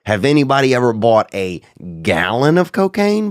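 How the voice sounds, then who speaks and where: A man's voice: medium pitch, big pitch swings, moderate pace, few pauses, no room sound, studio quality. Sniffly, crude joking man. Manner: crude, riffing, slangy jokester. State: sick and sniffling. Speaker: podcast host. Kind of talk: rambling comedic podcast monologue.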